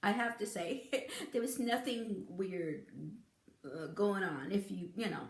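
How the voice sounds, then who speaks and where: Chatty, giggly woman with a lively voice. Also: mid-range voice, measured pace, echoey room. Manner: chatty, giggly, animated storytelling. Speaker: beauty vlogger. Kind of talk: casual storytelling to camera.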